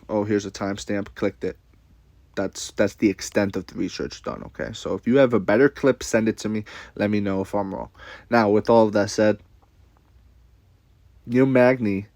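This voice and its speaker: A man's voice: lowish voice, darkish tone, no room sound. Blunt, profane man ranting casually. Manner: blunt, profane, rambling with repetitions. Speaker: commentator. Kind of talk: casual rant to camera.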